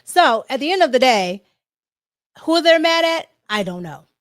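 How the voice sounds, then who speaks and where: A woman's voice: high voice, very animated, measured pace, no room sound, studio quality. A woman from Washington, D.C. hosting a livestream, giving casual political commentary in a chatty way and checking in with her viewers as she goes. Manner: chatty, repeats "okay?" to the viewers. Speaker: livestream host.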